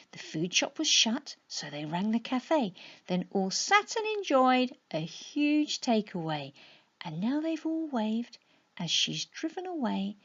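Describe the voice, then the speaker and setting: A woman's voice: medium pitch, a bit bright, slightly rough, dull audio. A woman, a children's author, reading her rhyming bedtime story in a sing-song way, often dropping to a whisper.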